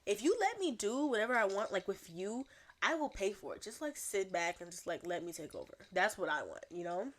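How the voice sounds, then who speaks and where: A young woman hosting a solo podcast, talking in a chatty, rambling way with animated asides. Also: medium pitch, a little fast. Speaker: podcast host. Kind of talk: casual solo chat.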